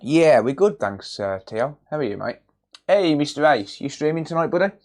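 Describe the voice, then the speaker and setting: A man hosting a casual repair livestream, greeting viewers by name in a relaxed, jokey way from a cluttered home workshop. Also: on the high side, normal speed. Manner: relaxed, jokey, reads chat names aloud.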